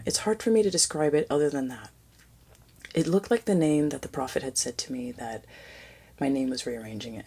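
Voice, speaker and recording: Low, gravelly woman half-whispering her story. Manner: soft-spoken, often dropping to a breathy near-whisper; halting, full of fillers and restarts. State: tearful, emotional. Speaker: podcast host. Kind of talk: spiritual storytelling monologue.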